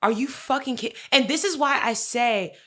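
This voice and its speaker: A woman co-hosting a podcast in casual chat, telling a family story with lively acted-out quotes and plenty of swearing. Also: a little high, moderate pace. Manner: animated storytelling, acts out quoted family members, frequent swearing. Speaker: podcast co-host.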